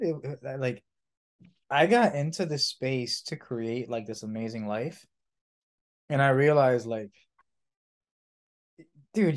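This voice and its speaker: A man with an ordinary middle-pitched voice, co-hosting an informal podcast. He rambles and restarts, swears without a second thought, and acts out his grumpy inner monologue in a mocking tone. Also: a little mellow. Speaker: podcast co-host. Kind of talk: casual podcast chat.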